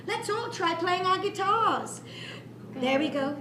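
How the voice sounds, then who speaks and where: A woman telling an interactive story to children in a library, animated and playful, adding sound effects. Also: very high voice, slow, music in the background. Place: library room. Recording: echoey room.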